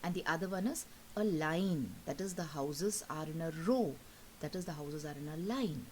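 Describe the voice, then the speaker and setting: Indian English teacher, patient and explanatory. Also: female voice, low-pitched, normal speed, a little mellow, slight background noise, low-quality recording. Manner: patient and explanatory, repeats points and checks with "okay?". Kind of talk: recorded online class lesson.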